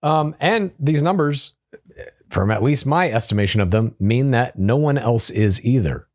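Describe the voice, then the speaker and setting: A man co-hosting a reality show recap podcast, retelling scenes and acting out quotes in quick, playful voices. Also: medium pitch, expressive. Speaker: podcast co-host. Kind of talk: casual recap chat.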